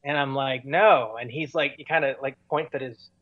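A man's voice: medium pitch, fairly even intonation, brisk, no room sound, phone-quality sound. A man telling stories as a guest in an interview, rambling with many fillers and restarts. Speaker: touring musician guest. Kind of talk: casual storytelling in an interview.

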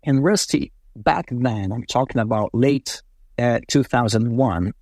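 Male guest, lively anecdotal delivery with acted-out quotes, dry close recording. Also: medium pitch, unhurried, creaky, no echo. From Brazil. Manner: animated, acts out quoted voices, frequent fillers. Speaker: interview guest, racing driver. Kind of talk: casual storytelling.

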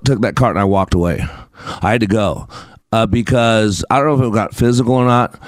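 A male host, who also teaches customer service, speaks at medium pitch with a dry sound and no room sound. His casual monologue with scripture rambles through anecdotes, packed with fillers and restarts.

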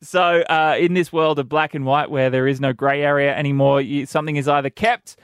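A man hosting a comedy radio show, wisecracking with quick delivery. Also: fairly high pitch, little pitch movement, clear, resonant tone, no echo. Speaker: radio host. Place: radio studio.

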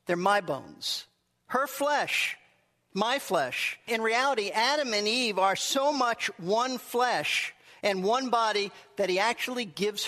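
Bright, high-pitched male Bible teacher. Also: big-room sound.

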